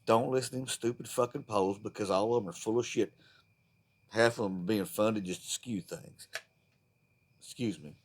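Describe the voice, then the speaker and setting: A man's voice: on the low side, moderate pace. A man delivering a profane, fired-up, rambling political rant to the camera. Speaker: vlogger.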